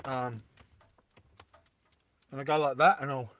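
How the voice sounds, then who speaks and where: A man's voice: mid-range voice, steady tone, takes it slowly, fairly bright tone. A man chatting casually and playfully with live viewers while he makes earrings, joking and giggling often. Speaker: live streamer making jewellery. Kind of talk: casual live-stream chat while crafting.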